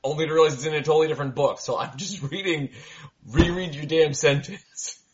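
A man's voice: on the high side, fairly even intonation, brisk. A man playing a tabletop game with friends, chatting casually, joking and laughing a lot. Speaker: player. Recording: dull lo-fi sound.

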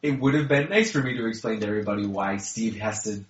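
A man running a tabletop game as game master, chatting casually with his players, laughing often and pausing on fillers. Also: lowish voice. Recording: dull lo-fi sound in an echoey room.

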